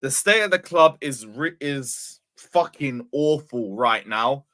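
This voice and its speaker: A man's voice: medium pitch, expressive, takes it slowly, sharp tone. A man hosting a football fan channel, ranting in an exasperated, sarcastic way and swearing often. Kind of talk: casual fan vlog rant.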